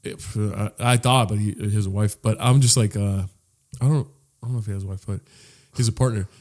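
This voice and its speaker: A man's voice: lowish voice, steady tone, quick pace, a little mellow. A man co-hosting a podcast, telling a long story in a casual, rambling way full of "like"s and cussing. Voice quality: rambling, profane, with many "like"s and restarts. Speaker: podcast co-host.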